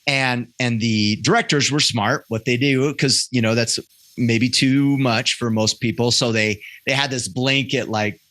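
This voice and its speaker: Bright, earnest man telling a story. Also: medium pitch, steady tone, unhurried, dry recording. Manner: earnest, self-correcting storyteller with frequent restarts. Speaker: podcast guest. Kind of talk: candid conversational interview.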